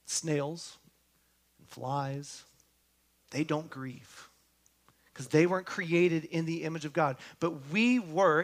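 A pastor with a voice on the high side preaches earnestly, speaking straight to his congregation and often posing questions to them. His voice sinks to a hush on tender lines and lifts again on words of hope.

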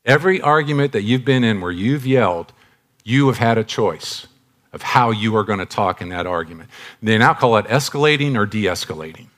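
Older man preaching with loud and hushed turns. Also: on the low side, lively intonation, fairly quick. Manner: swings from loud emphatic bursts to soft hushed phrases; confessional and direct, repeats key phrases. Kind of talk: sermon.

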